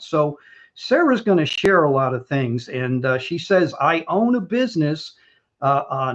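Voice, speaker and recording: A man's voice: a little high, dull audio. An older man hosting a casual talk show, talking in a chatty, rambling way with restarts and little jokes. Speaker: show host.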